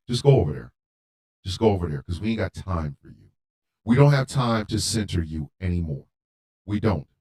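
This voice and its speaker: A man hosting a radio show, delivering a heated monologue with emphatic repetition and occasional shouting. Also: lowish voice. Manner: emphatic, repeats lines for force; rants, at times shouting.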